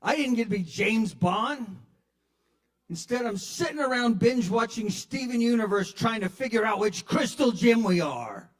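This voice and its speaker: A middle-aged man doing self-deprecating, profane stand-up comedy at an open mic on a live bar stage, talking with halting restarts. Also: high-pitched, expressive.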